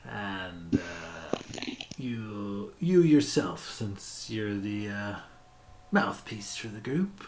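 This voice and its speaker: A man playing a shrewd, slow-talking shopkeeper. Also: lowish voice, animated, darkish tone. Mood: bargaining. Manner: haggling, drawn-out with pauses. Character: shrewd male shopkeeper, bargaining merchant.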